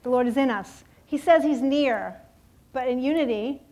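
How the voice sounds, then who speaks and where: Fairly high-voiced woman in her fifties telling a story. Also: normal speed. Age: 50s. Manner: lively storytelling, acting out her own voice and others'; laughs often. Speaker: guest speaker at a church service. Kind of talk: personal story in a sermon.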